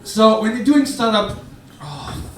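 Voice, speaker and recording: A man's voice: sits high, sing-song, measured pace, a little hiss or hum. Hesitant stammering man doing stand-up. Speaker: stand-up comedian. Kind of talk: live stand-up set. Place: bar stage, indoors. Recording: roomy, distant mic, faint ambience.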